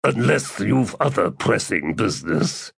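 A man's voice: lowish voice, sing-song, unhurried, gravelly, breathy edge, no echo, full character voice. A man voicing a cornered master assassin who answers back with dry wit, strained and gasping. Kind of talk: audiobook narration.

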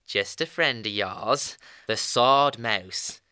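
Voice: mid-range voice, slow, sharp tone, clear, resonant tone, dry recording, studio quality. A performer voicing a cheeky young male hedgehog thief who talks in a slangy, chirpy way and calls others mate, in a full-cast audiobook.

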